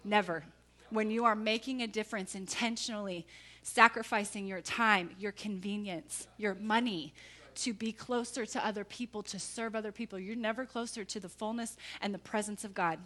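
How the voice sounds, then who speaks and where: Animated, bright-voiced woman preaching. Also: mid-range voice, normal speed. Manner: animated storytelling, emphatic asides to the audience. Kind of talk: sermon with personal story.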